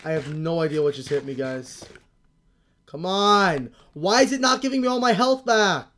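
A young woman giving casual, excitable commentary on her own game, panicking and repeating herself as she plays. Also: lowish voice, normal speed. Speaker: gaming channel host.

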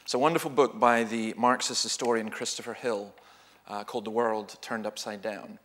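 A man's voice: on the low side, fairly even intonation, normal speed, a bit bright, a little hiss or hum. Scottish man giving a chatty church talk. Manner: conversational, humorous, self-correcting storyteller. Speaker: guest speaker. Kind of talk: informal church teaching talk.

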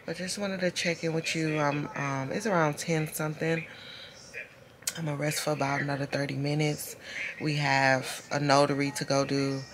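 A woman chatting casually on her vlog in a deep, gravelly morning voice, laid-back and loose with filler words. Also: flat delivery, normal speed, noisy background. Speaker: lifestyle vlogger.

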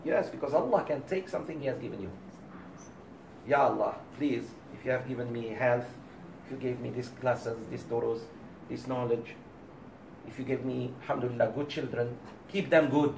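A man teaching a religious class, speaking in a lively way and acting out the voices he quotes. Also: mid-range voice, normal speed, vocal fry, a little hiss or hum. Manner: animated, acts out quoted voices. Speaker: Islamic teacher. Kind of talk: lecture to a class. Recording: roomy, distant mic, faint background.

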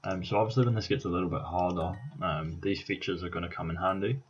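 A man's voice: low-pitched, fairly even intonation, fast talker, dull audio, faint music behind. A Scottish man in his twenties talking casually and swearing, thinking aloud with lots of ums, tired from staying up all night. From Scotland. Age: 20s. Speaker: YouTuber. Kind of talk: casual vlog commentary.

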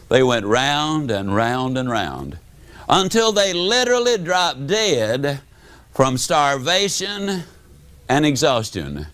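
An older man giving a motivational speech to an audience, telling stories with animated, drawn-out emphasis. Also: a little high, smooth. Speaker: motivational speaker.

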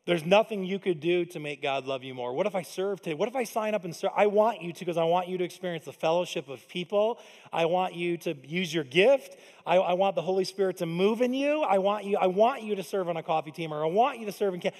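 A male pastor with a high-pitched voice preaching to a congregation. He talks in a casual, conversational way but builds to emphatic peaks and calls questions out to the crowd. His voice trails off into a long reverb from the hall. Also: quick pace, a little mellow. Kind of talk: sermon. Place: church auditorium.

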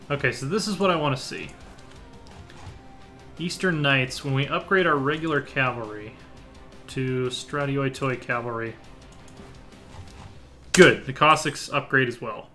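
A man's voice: mid-range voice, bright, forceful tone. A man hosting a strategy game playthrough, thinking aloud as he clicks through menus and muttering half-finished plans. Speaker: let's play host. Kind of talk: casual gameplay commentary.

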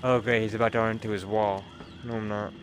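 A young man chatting excitedly to his viewers while streaming a game, swearing freely. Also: lowish voice, fast talker, slight background noise. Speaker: livestreamer. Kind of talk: casual live gameplay chatter.

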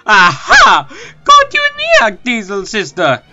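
A woman voicing an indignant heroine who loudly confronts a villain in a fan cartoon. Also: mid-range voice, lively intonation, a little slow. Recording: dull lo-fi audio, faint music.

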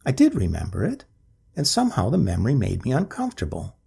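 A man's voice: medium pitch, wildly swooping pitch, fast, vocal fry, mellow, slightly rough. A man reading a ghost story aloud as scripted narration, with a dramatic, swooping delivery.

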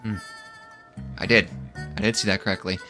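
Um homem youtuber de games narrando sua jogatina de forma agitada e brincalhona, rindo com frequência. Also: male voice, lowish voice, normal speed, over music. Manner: excitable, joking, often laughing. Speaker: gaming YouTuber. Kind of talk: let's-play commentary.

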